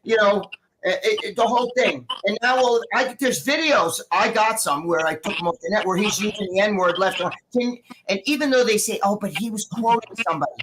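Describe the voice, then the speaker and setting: A man's voice: high voice, fairly quick, a bit bright, rough recording. A man rants on a video call, swearing freely and rambling from point to point. He acts out other people's words as he goes. A faint hiss sits under the call. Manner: profane, rambling, acts out quotes. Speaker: guest. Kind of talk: casual political rant.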